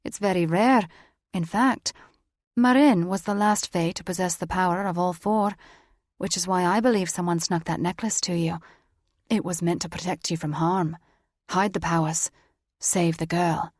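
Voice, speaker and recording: A woman's voice: lowish voice, steady tone, moderate pace, dry recording, studio quality, close to an everyday voice. A woman reading the part of a playful young man who talks in a light, sing-song way. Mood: teasing.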